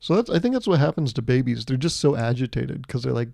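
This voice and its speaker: A man's voice: mid-range voice, lively intonation, fast talker, vocal fry, hardly any pauses, dark tone, no echo. A man hosting a podcast, rambling through a playful comedic monologue full of self-amused asides. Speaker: podcast host.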